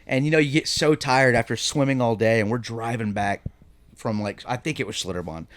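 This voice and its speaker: A man in his thirties on a podcast, telling stories in casual chat and breaking into high, shrieking laughs. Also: a little fast. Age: 30s. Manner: animated storyteller, bursts into high laughing shrieks. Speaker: podcast co-host.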